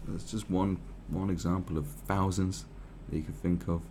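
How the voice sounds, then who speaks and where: A man's voice: deep voice, flat delivery, normal speed, darkish tone, a little hiss or hum. A man giving profane, rambling, sarcastic commentary on a news article.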